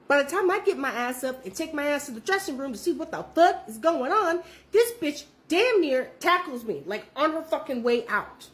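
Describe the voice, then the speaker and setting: A woman's voice: high voice, very animated, a little fast, hardly any pauses. A young woman telling her own story in a casual, profane, emphatic way.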